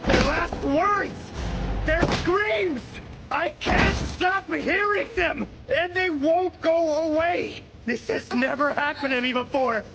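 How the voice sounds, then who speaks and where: A man voicing an embittered, violent young male criminal in an anime dub, shouting in anguish and defiance. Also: high voice, lively intonation, unhurried, loud music behind the voice. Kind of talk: English anime dub acting.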